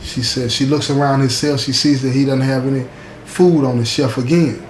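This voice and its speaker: A man's voice: mid-range voice, fairly even intonation, normal speed. Emphatic man telling a story, echoey room. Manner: emphatic, conversational, speaks straight to the listener. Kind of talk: casual spoken storytelling. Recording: echoey room with faint background noise.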